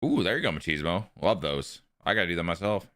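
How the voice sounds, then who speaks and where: A man's voice: low-pitched, big pitch swings, quick pace, fairly bright tone, no echo, clean studio sound. A man streaming a video game, chatting casually and joking with his chat. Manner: joking banter with chat, running bits.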